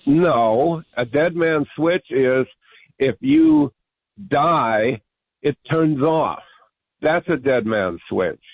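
A male caller phones in to a radio talk show and argues insistently, repeating himself in an animated, mid-range voice at a slow pace. The broadcast sounds muffled, though there is no room sound.

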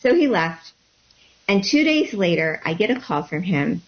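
A woman guest telling a personal story about becoming a healer, in a halting way with many fillers and restarts. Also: medium pitch, big pitch swings, highs cut off.

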